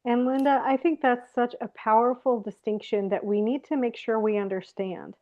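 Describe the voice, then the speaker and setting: A woman's voice: on the high side, steady tone, normal speed. A woman host giving a reflective, emphatic teaching talk. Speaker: host of a faith program. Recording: tinny phone-like call audio.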